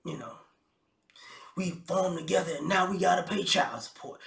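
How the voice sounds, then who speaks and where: Man, comic vlog rant, incredulous and mocking; gravelly, echoey room. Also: fairly high pitch, normal speed, a bit bright. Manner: mocking, incredulous, repeats words, laughs often. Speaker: commentary vlogger. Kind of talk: casual comedic rant. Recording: roomy echo.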